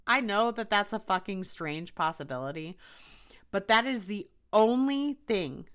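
A young woman hosting a podcast, telling a personal ghost story in a chatty way with many fillers. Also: lowish voice. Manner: chatty, animated retelling with frequent fillers. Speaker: podcast host. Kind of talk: casual storytelling.

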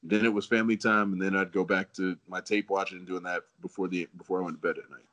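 Relaxed low-voiced man telling stories. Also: quick pace. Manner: relaxed storyteller, chuckling often. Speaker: guest, former football player. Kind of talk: casual podcast chat.

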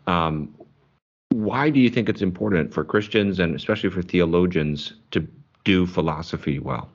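A man's voice: low-pitched, highs cut off. A man hosting an interview, an evangelical, friendly and affirming as he asks his guest questions. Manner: friendly, affirming, quick to agree. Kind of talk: casual interview conversation.

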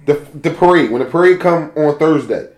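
A man's voice: fairly high pitch, a little fast, a little mellow. A man in casual banter, insistently defending his point with plenty of swearing. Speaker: sports fan. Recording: echoey room.

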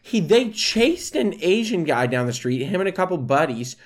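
A man's voice: sits high, very animated, moderate pace. A man co-hosting a podcast in casual chat, laughing easily and swearing casually. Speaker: podcast co-host.

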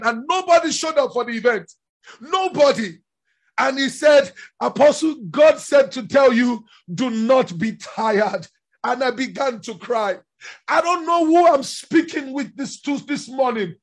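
High-voiced preacher shouting. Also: male voice, normal speed. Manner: impassioned preaching, often shouting. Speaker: pastor. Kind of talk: sermon.

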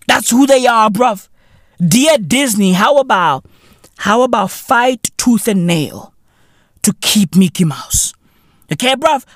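A man's voice: very high-pitched, fairly bright tone, dry recording, clean studio sound. A man hosting a podcast in a comedic rant, profane and boastful, full of slang and laughing at his own jokes. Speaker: podcast host.

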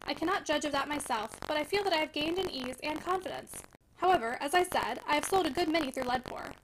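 A woman's voice: sits high, quick pace, close to an everyday voice, low-quality recording. A woman reading the part of an impulsive, passionate young married woman, eager and emphatic, over static. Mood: earnest. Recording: heavy static hiss.

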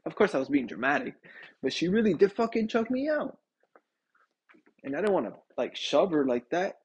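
A man's voice: fairly high pitch, fairly quick, slightly rough. A young man hosting a casual podcast, telling stories and ranting with lots of swearing, laughter and calling the listener dude. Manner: animated, swearing, laughing often, says dude a lot. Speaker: podcast host. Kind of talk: casual solo podcast rant.

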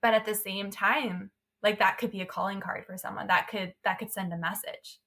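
A woman's voice: mid-range voice, steady tone, normal speed, vocal fry, pushed and bright. A woman interviewing a guest, asking questions in a hesitant, filler-heavy way. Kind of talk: conversational interview.

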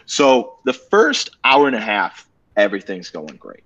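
Lively low-voiced man telling a story. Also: unhurried. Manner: animated, swears casually, acts out dialogue. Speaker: podcast co-host. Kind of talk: casual storytelling chat. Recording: dull lo-fi podcast audio.

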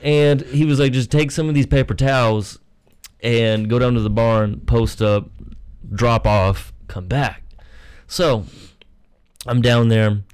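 A young man tells a crude, rambling story on a podcast, in a middle-pitched voice. He gets animated and jumps his voice way up or drops it low whenever he acts out someone's words. It is loose, profane comedy among friends. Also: takes it slowly, clear, resonant tone. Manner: animated, swings his pitch when acting out quotes. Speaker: podcast co-host.

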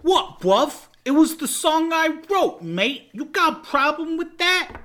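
Cocky cockney nu metal singer, belting, loud and swaggering. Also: male voice, extremely high pitch, big pitch swings, unhurried, voice pushed up, exaggerated voice. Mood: dismissive. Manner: loud, swaggering, belted singing.

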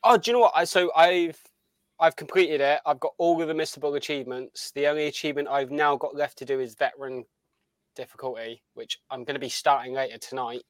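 A man's voice: on the high side, fairly even intonation, brisk, no echo. A young man chatting casually as a podcast co-host, rambling and enthusiastic with many restarts. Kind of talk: casual chat.

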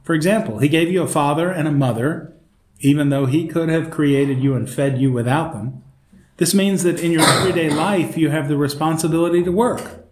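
A man with a fairly high voice leads a Bible study, reading a devotion, praying and teaching conversationally with fillers, speaking a little fast. Roomy echo and faint noise color the recording.

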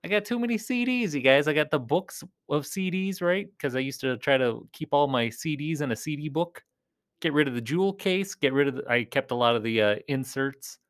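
A man's voice: a little high, animated, brisk. A man hosting a collecting vlog as a clown persona, rambling casually and talking straight to his viewers. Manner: chatty, rambling, talks to viewers as "you guys". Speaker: clown character host of a collecting show.

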